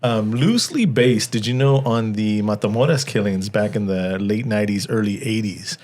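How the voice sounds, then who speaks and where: A man's voice: on the low side, expressive, moderate pace, a little mellow. A man co-hosting a movie review podcast in casual chat, rambling with stumbling restarts and frequent laughs. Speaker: podcast co-host.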